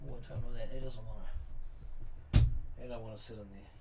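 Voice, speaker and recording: A man's voice: on the low side, steady tone, fairly quick, creaky, music in the background. Rambling New Zealand man livestreaming. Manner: rambling, teasing, lots of fillers. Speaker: livestream host. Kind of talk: casual livestream chat. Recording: distant mic with faint noise.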